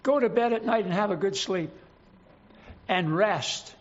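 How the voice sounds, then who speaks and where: A man preaching a sermon, earnest and emphatic, slowing down to stress scripture verses. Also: high-pitched, dull audio.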